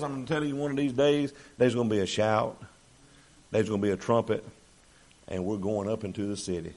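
A man preaching a sermon, folksy and plain-spoken, building to fervent, shouted passages. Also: on the low side, fairly even intonation, fairly quick.

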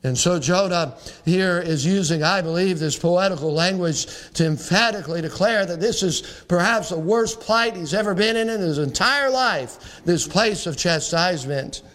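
A pastor preaching an emphatic sermon, reading old-fashioned scripture aloud and calling his listeners friends. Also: fairly bright tone. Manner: reads scripture in old-fashioned wording, slowing and dropping low on key words.

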